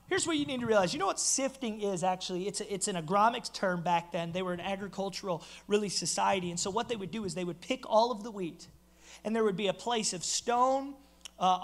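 A man preaching as a pastor, animated and building to loud, emphatic peaks. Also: high-pitched. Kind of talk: sermon.

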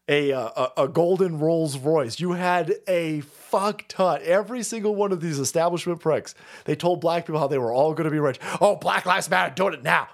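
A man from the San Francisco Bay Area ranting profanely as a streamer, mocking and swinging between muttering and yelling. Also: fairly high pitch. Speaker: streamer and political commentator. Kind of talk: profane political rant.

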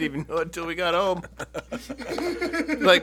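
A man's voice: on the high side, lively intonation, unhurried, vocal fry, long pauses, pushed and bright. Profane laughing man telling wild stories. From Phoenix, Arizona area. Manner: profane, laughs through his own stories. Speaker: storyteller among friends. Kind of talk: casual swapping of stories.

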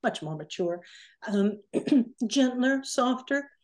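Woman in her sixties, interview guest, mellow and warm, animated anecdotes. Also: a little high, slow pace. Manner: animated, acts out quoted remarks. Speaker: interview guest, recording engineer. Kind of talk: conversational storytelling.

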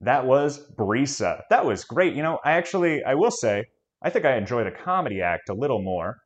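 A man's voice: medium pitch, big pitch swings, a little fast, soft background music. A man in his forties hosting a comedy podcast, reading jokes aloud in a dry, mock-formal game-show manner. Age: 40s. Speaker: podcast host.

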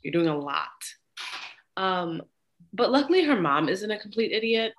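A woman's voice: mid-range voice, moderate pace, a little hiss or hum, low-quality recording. A young woman co-hosting a podcast, recapping a movie in casual, blunt and profane chat. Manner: blunt, profane, animated storytelling. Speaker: podcast co-host.

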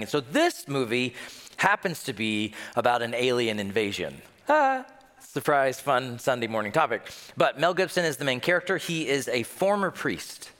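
A man preaching a sermon, telling a film scene with lively acted-out voices. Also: mid-range voice. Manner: animated storytelling, acts out scenes. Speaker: pastor. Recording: long hall reverb.

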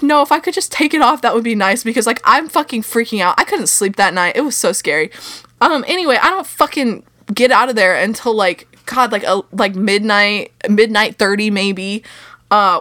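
A woman's voice: mid-range voice, expressive, moderate pace, sharp tone, no room sound. Sarcastic, profane young woman telling a story. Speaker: podcast co-host. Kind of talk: casual chat.

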